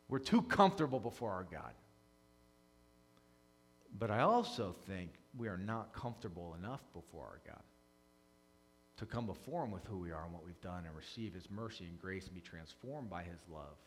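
A man preaching a conversational sermon as a pastor, earnest, dropping to hushed confession and rising to loud emphasis. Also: low-pitched, expressive, normal speed, slightly rough. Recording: long reverb of a large hall.

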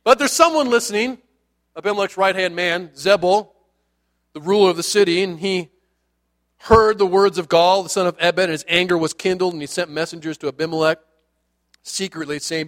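A man's voice: sits high, normal speed, fairly bright tone. A man, a pastor, giving a sermon in a conversational, jokey way with asides to the listeners.

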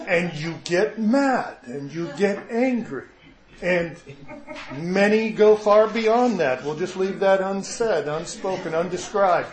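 Man preaching with a slightly high voice. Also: roomy sound, poor audio. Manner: conversational storytelling, self-deprecating humor, frequent restarts. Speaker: pastor. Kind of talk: sermon with a personal story.

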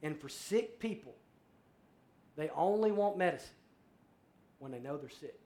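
A male pastor preaching a sermon, animated and conversational, acting out little scenes and reading scripture aloud. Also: fairly high pitch, unhurried. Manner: animated, acts out voices in a story, shifts between loud and soft.

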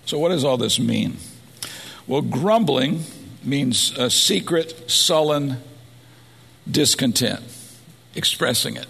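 Male pastor, gravelly and husky, earnest sermon delivery, long hall reverb. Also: medium pitch, animated, takes it slowly, long pauses, a bit bright. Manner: earnest preaching, rising to emphasis.

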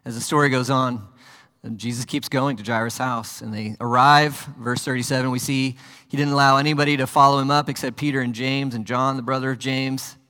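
A pastor preaching a sermon, swinging from hushed, slow lines to loud, urgent ones. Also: male voice, medium pitch, level tone, clean tone. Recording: long hall reverb.

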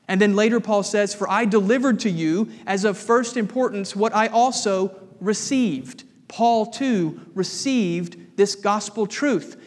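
High-voiced preacher in a reverberant hall. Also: male voice. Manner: measured, emphatic preaching with repetition. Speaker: pastor. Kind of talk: sermon.

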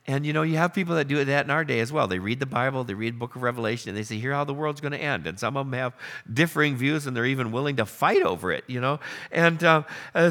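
A man preaching a sermon, telling the story with animated questions and acted-out lines. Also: mid-range voice. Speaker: pastor.

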